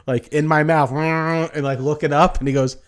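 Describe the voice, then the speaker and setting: A man's voice: a little high, fairly even intonation, moderate pace. A man hosting a podcast, telling a rambling, profane story in casual chat with frequent laughs. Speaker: podcast host.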